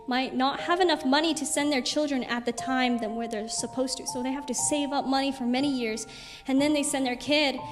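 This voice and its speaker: A young woman, a missionary, chattily telling stories over a slideshow with lots of "like" fillers. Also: high voice. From United States. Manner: chatty, animated storyteller with many "like" fillers. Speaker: missionary speaker. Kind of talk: casual slideshow testimony to a congregation. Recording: reverberant hall with music behind.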